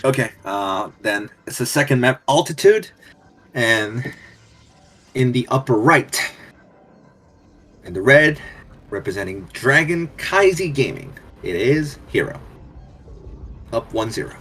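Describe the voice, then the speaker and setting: Male caster, unhurried and hesitant, mid-pitched, soft music in the background. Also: expressive, breathy edge. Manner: slow and hesitant, many fillers. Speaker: esports caster. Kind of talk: play-by-play casting.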